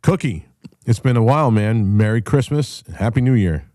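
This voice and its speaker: A man's voice: mid-range voice, lively intonation, moderate pace, mellow, no room sound, clean studio sound. A man hosting a casual call-in chat, telling stories in a blunt, profane way. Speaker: show host.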